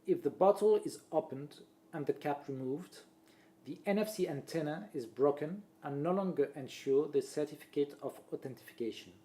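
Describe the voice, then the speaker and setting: A man, a presenter reading a marketing talk aloud in a steady voice and listing points one after another. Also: a little high, normal speed. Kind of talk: read-aloud presentation voice-over.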